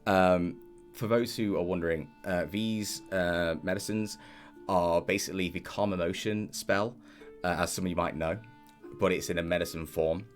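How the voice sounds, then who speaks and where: A man narrating a tabletop game as game master, relaxed and rambling with many hesitations. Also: sits low, moderate pace, soft background music.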